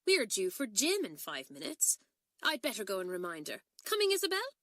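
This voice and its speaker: A woman voicing a kind, practical schoolgirl, speaking gently and briskly. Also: mid-range voice, wildly swooping pitch, dry recording, studio quality. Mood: concerned.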